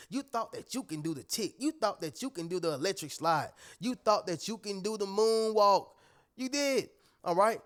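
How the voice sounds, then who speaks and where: A man giving a motivational talk straight to his viewers, emphatic and preachy, often checking that they are following. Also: sits high. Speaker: motivational speaker.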